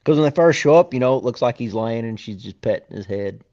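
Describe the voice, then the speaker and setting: A man's voice: mid-range voice, expressive, quick pace, warm tone. A man co-hosting a podcast in casual chat, telling stories in a laid-back way and often laughing. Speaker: podcast co-host. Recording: dull lo-fi audio.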